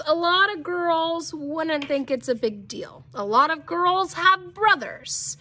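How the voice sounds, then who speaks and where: Bright-voiced playful woman reading aloud. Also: very high voice, slow, few pauses. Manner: playful, laughs at her own slips. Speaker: teacher reading to a class. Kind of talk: reading a children's novel aloud with casual asides.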